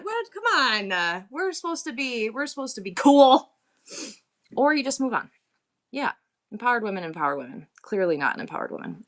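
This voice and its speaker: A woman's voice: mid-range voice, a bit bright. A woman hosting a casual livestream, talking candidly and bluntly, rambling with many restarts. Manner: blunt and swears freely. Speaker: livestream seller and host.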